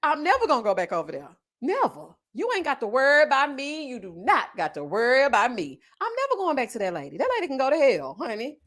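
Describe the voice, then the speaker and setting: High-voiced and quick, with huge pitch swings and few pauses, a young Houston woman recounts something that happened to her. She runs a commentary channel, and her fairly bright, sassy, dramatic storytelling chat includes acted-out voices for everyone she quotes.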